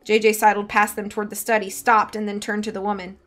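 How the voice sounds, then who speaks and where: A woman's voice: medium pitch, flat delivery, fast talker, a bit bright, faint music behind. A woman reading a storybook aloud on a live stream, chatting with her viewers in between.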